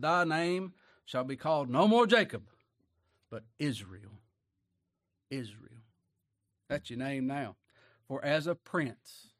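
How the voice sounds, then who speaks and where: A man preaches in a homespun style, asking rhetorical questions. His delivery shifts between loud declarations and soft, low-voiced asides.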